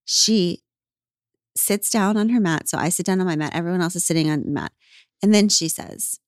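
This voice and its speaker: A woman's voice: fairly low pitch, normal speed, no room sound, clean studio sound. A woman telling a candid story in casual podcast chat, swearing and acting out what she said back then. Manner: candid, swears, acts out her own past lines. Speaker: podcast guest.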